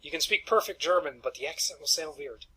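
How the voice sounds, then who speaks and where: A man's voice: fairly high pitch, fast talker, bright, forceful tone, breathy edge, dry recording, low-quality recording. A man living in the American South, co-hosting a podcast in casual chat, laughing often and trailing off. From southern United States. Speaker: podcast co-host.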